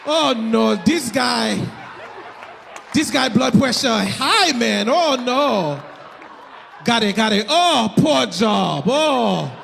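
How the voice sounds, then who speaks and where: A man putting on a teasing older Haitian uncle with a heavy Haitian Creole accent. He is loud and mocking, and his voice is high. It rings through a hall with a long reverb and faint noise. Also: lively intonation, very slow, gravelly, some chatter behind, exaggerated voice. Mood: fretting. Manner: mocking, exaggerated.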